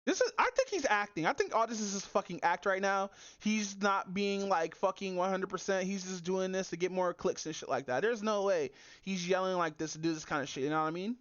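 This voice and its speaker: A woman's voice: medium pitch, animated, brisk, few pauses, dry recording. A woman streaming live, mocking a clip in casual, slangy commentary. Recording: dull, dry lo-fi mic.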